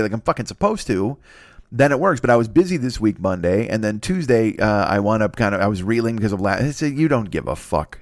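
A man's voice: mid-range voice, no room sound, studio quality. Rambling, profane man in his fifties. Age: 50s. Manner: rambling, profane, self-deprecating, many restarts. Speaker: podcast host. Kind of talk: casual solo monologue.

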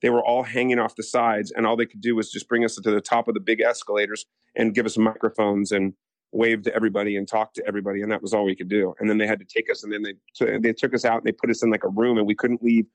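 Rambling, animated male actor guest. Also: on the low side, fast, dry recording. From United States. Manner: rambling, lots of "like", acts out quotes. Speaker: soap opera actor guest. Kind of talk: casual interview storytelling.

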